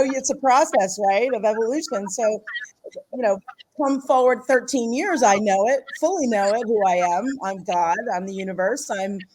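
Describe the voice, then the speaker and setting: This podcast guest, a middle-aged woman from around Philadelphia, has a mid-range voice and recounts something from her own life with lively, relaxed energy. She breaks into laughter frequently and performs the voices of the people she quotes, though the audio is poor.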